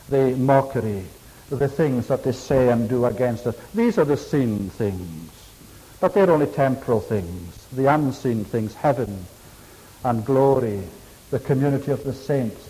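A man preaching a sermon, emphatic, stressing key words with slow, drawn-out pauses. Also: medium pitch, darkish tone. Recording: long hall reverb.

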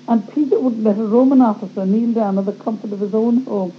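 A woman's voice: on the high side, fairly even intonation, fast, few pauses. A woman giving a personal religious testimony, telling her story earnestly and acting out her own past thoughts in quoted lines. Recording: dull, muffled recording with faint hum.

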